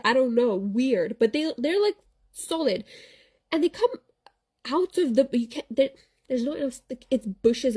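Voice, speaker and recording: A young woman casually telling a spooky childhood story, rambling and animated, often stopping to ask "okay?". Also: a little high, husky. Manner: animated, rambling, frequent "like" and "okay?", laughing at herself. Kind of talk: casual spoken ghost story.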